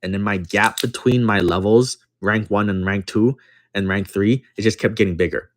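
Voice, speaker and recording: A man's voice: fairly low pitch, normal speed. A man hosting a card-breaking livestream, telling a story in a brash, profane, casual way, repeating lines for emphasis and counting down between breaks.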